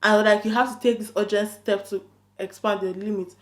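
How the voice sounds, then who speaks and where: A woman YouTuber telling a story in casual vlog chat, animated and incredulous, with bursts of emphasis. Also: medium pitch, brisk.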